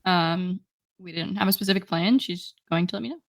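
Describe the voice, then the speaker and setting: A woman's voice: lowish voice, brisk. A young woman co-hosting a casual podcast over a call, talking hesitantly and defensively with many fillers. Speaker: podcast co-host. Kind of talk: casual chat. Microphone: remote call recording software.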